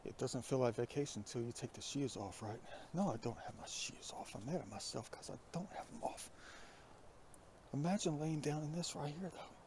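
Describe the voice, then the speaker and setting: A man vlogging outdoors on a foggy hillside, talking in a hushed, often half-whispered, reflective way into a phone headset mic. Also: medium pitch, normal speed, slight background noise. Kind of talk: musing outdoor vlog. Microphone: iPhone with plugged-in headset.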